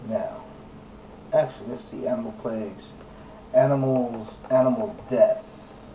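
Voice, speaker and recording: A man's voice: mid-range voice, steady tone, unhurried, noisy background. Man preaching from a distance. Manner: preachy and emphatic, with frequent fillers and self-corrections. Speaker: religious video presenter. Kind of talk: casual scripture teaching while reading aloud and searching online.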